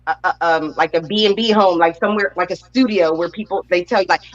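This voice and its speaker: An excitable woman talks in a gushing, rambling way, full of fillers and restarts. Her voice sits at an ordinary pitch and sounds a little muffled and lo-fi. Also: quick pace, hardly any pauses. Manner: animated, gushing, lots of fillers. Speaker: guest tarot reader. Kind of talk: excited spiritual chat.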